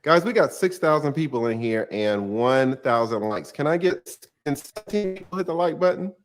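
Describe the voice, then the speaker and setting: A retired attorney explaining a court case in a joking, playful way, laughing at his own asides. His voice is high for a man and swings up and down constantly. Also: animated, normal speed, faint music behind. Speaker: retired defense attorney, guest commentator. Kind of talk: animated legal commentary.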